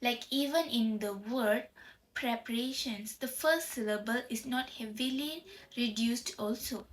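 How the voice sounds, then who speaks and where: A woman's voice: on the high side, a little slow, low-quality recording. A young woman gives a class presentation, explaining step by step and sometimes searching for words. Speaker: university student presenter.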